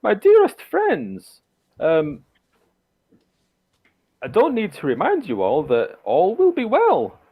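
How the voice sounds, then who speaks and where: A man voicing a nervous noblewoman hostess in a tabletop game, with a high, slow, grand delivery. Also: wildly swooping pitch, warm tone, husky, exaggerated voice. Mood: falsely reassuring. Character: nervous noble hostess, a woman putting on a brave face.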